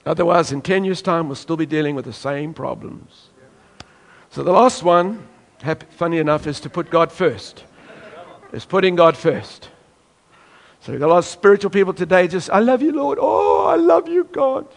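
High-voiced preaching man from South Africa. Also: normal speed, pauses often. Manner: emphatic preaching, acting out congregation voices. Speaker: pastor. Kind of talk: sermon.

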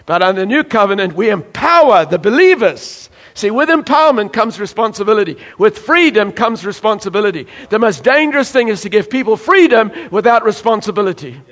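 A man's voice: high voice, big pitch swings, brisk, few pauses, fairly bright tone. A man from South Africa preaching a sermon emphatically, now and then acting out voices from the congregation. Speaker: pastor.

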